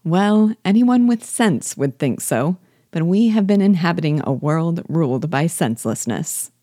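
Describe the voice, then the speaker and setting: A woman's voice: on the low side, lively intonation, measured pace, dark tone, dry recording, clean studio sound. A woman hosting a reading podcast, giving thoughtful, wry commentary on a novel and reading passages aloud. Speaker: host guiding listeners through a novel.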